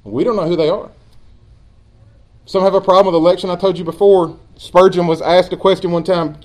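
A man preaching a sermon as pastor, earnest and emphatic, dropping at times into quiet asides. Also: sits high, fairly even intonation, a little fast.

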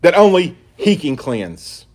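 A man delivers a sermon from the pulpit. His voice sits a little on the high side. He preaches emphatically and reads scripture aloud as he goes. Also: very animated, slow. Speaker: pastor.

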